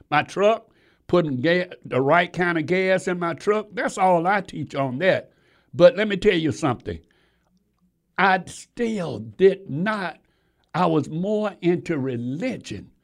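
A man preaching a sermon, talking straight to his listeners and swinging between rising, emphatic lines and low, quiet ones. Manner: rhythmic preaching with sudden rises and drops in pitch and volume; folksy, calls out to the congregation.

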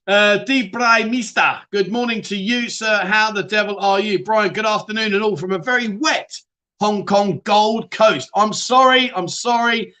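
A man's voice: high-pitched, pushed and bright. A middle-aged man hosting a casual live stream, chatting and greeting viewers by name, often laughing. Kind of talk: casual chat reading live comments.

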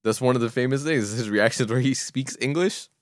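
A young man co-hosting a casual chat about anime, animated and given to loud character impressions. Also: medium pitch, a little fast, no echo. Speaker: podcast co-host.

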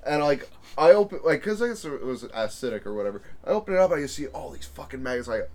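A man's voice: mid-range voice, sing-song, fast, darkish tone. A young man co-hosting a podcast, telling a rambling story full of swearing in casual chat. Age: young adult. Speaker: podcast co-host.

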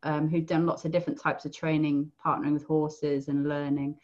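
Soft-spoken British woman, slightly muffled. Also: low-pitched, little pitch movement, a little fast. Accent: British English. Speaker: podcast guest, equine coach. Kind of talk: conversational interview.

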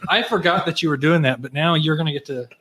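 A man's voice: on the high side, fast talker, background noise. Joking man hosting a cigar podcast. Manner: joking, playful, puts on silly voices. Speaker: podcast host. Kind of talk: casual banter.

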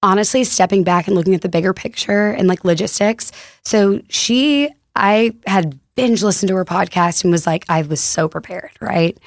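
A woman's voice: medium pitch, moderate pace, dry recording, clean studio sound. A young woman from Texas, a podcast guest telling stories in a chatty, casual way with lots of fillers. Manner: chatty, laughs through anecdotes, many "like" fillers. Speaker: podcast guest, store co-founder. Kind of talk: casual conversational storytelling.

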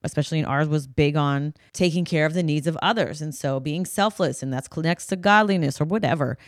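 A woman's voice: sits low, smooth, no room sound, studio quality. A middle-aged woman co-hosting a podcast, chatting casually and acting out the voices in her stories. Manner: animated storytelling, acts out quoted voices. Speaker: podcast co-host. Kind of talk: casual chat.

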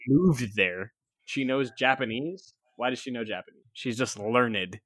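A man with an average pitch and a dry, close recording, chatting on a movie podcast. He teases his co-hosts and throws in emphatic, incredulous asides. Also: measured pace, fairly bright tone, slightly rough, dry recording. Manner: playful teasing, emphatic asides. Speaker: podcast co-host. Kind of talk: casual chat.

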